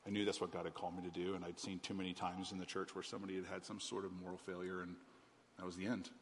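Talking very fast in a deep voice with little pitch movement, a middle-aged pastor recounts his personal testimony during a sermon, candid and conversational, full of ums. The church hall adds reverb and faint ambience, along with a little hiss or hum.

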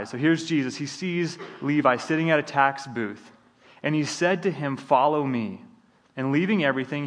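A man's voice: medium pitch, a bit bright. A man preaching a sermon as pastor, in a conversational manner with frequent restarts and asides. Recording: long hall reverb.

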